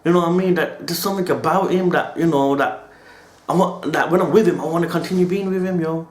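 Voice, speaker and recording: Man, slightly high voice, impassioned slangy reaction host, echoey room. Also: fairly even intonation, fast talker. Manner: impassioned, slangy, keeps tagging lines with "yo". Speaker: anime reaction channel host. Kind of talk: emotional reaction monologue. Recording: roomy echo.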